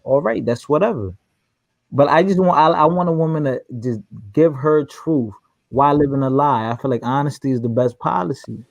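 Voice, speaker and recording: A man's voice: a little high, brisk, no room sound. Talk it through as an emphatic man, repeating yourself, close and dry on the mic. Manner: emphatic, repeats himself, stammering restarts. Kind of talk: casual group audio chat.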